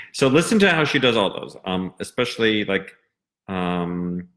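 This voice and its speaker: A man teaching a singing lesson, explaining diction and stressing crisp consonants. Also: lowish voice, very animated, unhurried, fairly bright tone.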